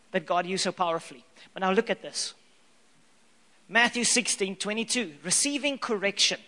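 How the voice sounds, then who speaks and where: Male pastor, high voice, bright tone, animated sermon delivery, echoey hall. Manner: animated, playful, acts out scripture scenes.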